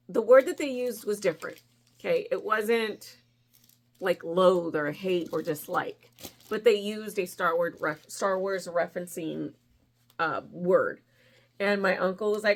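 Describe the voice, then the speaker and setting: A woman in her forties, a crafting vlogger, telling a long rambling story in a chatty, animated way and laughing often. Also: medium pitch, moderate pace. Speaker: crochet vlogger.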